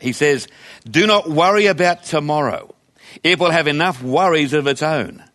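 A man's voice: a little high, a bit bright. A male pastor preaching a sermon in a conversational, emphatic way, asking his listeners rhetorical questions.

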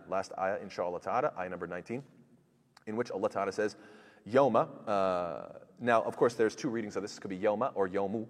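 A man with a Canadian accent teaching a Quran lesson, talking quickly and eagerly with many fillers and restarts. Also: fairly low pitch, in a large hall. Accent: Canadian English. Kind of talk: explaining verses in a lesson.

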